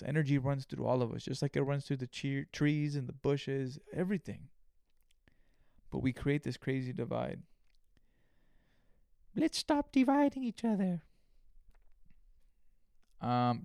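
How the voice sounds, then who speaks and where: Young man, solo podcast host, swears a lot, smooth clear voice, dry close sound. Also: mid-range voice, dry recording. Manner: profane, animated storytelling, acts out his own inner voice.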